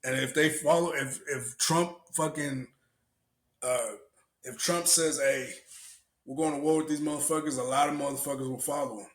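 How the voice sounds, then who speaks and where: A man co-hosting a casual podcast, talking in a profane, animated way and laughing often. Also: fairly high pitch, normal speed. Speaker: podcast co-host.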